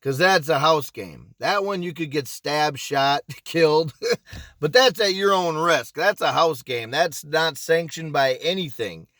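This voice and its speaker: On a dry recording, a man speaks a little slowly in a higher, fairly bright voice with lively intonation. He used to run a casino pit, and his vlog story is profane, blunt, and repetitive, full of restarts and "you know what I'm saying?"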